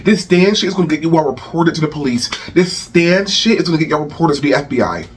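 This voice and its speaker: A man's voice: fairly high pitch, lively intonation, quick pace, slight background noise. A man hosting a rant channel, delivering heated celebrity commentary with profanity and repeated phrases.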